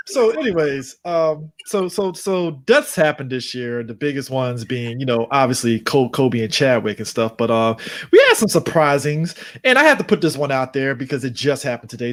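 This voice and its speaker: A man co-hosting a podcast in casual chat, joking and laughing as he tells stories. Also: medium pitch. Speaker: podcast co-host.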